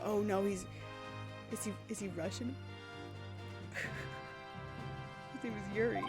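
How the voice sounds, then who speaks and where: A woman's voice: mid-range voice, fairly even intonation, slow, pauses often, music in the background. A woman game streamer chatting casually and gushing as she plays, often restarting her sentences. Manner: chatty, gushing, self-interrupting. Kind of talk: casual let's-play commentary.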